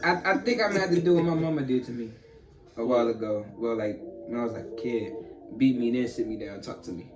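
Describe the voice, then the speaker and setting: A man's voice: medium pitch, fast, over music. Young man chatting casually, laughing easily. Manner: laughs often, loose and joking. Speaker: podcast co-host. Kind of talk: casual chat.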